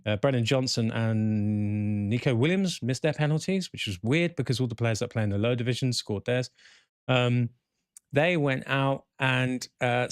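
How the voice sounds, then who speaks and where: Animated man hosting a football chat show. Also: medium pitch, smooth, no echo, clean studio sound. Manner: animated, swearing, exasperated rants. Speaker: podcast host.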